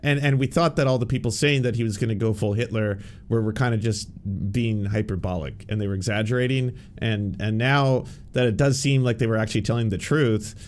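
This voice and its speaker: A man's voice: lowish voice, brisk, hardly any pauses. Sarcastic profane male podcast host. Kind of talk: political commentary.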